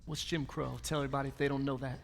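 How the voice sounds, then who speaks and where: A man's voice: medium pitch, flat delivery, very fast, creaky, slight background noise. A man leading a church service as pastor, talking casually and hyping up the crowd between guest stories. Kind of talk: sermon with guest testimonies. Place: church hall with congregation. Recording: live in a reverberant hall.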